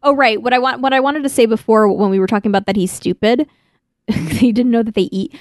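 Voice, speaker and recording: A woman's voice: a little high, fast, dry recording, clean studio sound. A young woman co-hosting a podcast, chatting casually with frequent laughs and fillers. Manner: giggly, chatty, lots of fillers. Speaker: podcast co-host. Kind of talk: casual chat.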